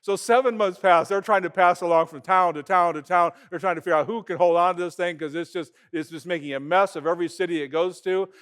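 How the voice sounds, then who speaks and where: A man, a pastor, giving a conversational sermon and retelling events in everyday, animated talk. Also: sits high, fast, hardly any pauses, smooth.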